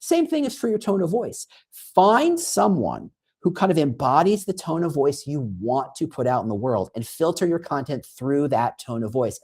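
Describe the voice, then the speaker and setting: A man guest on a podcast, explaining in an animated conversational way and acting out quoted prompts and reactions. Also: medium pitch, slightly rough. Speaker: guest, recruiting consultant.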